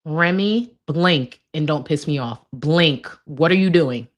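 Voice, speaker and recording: A woman with a low, deep voice talks through clips in reaction commentary. She is blunt and profane, and exasperation runs through her delivery. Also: slow.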